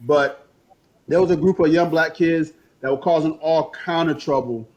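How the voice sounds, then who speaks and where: A man's voice: a little high, fairly even intonation, moderate pace, darkish tone. A man in his thirties co-hosting a casual podcast debate, arguing his point emphatically through long stories. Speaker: podcast co-host. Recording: dull lo-fi recording.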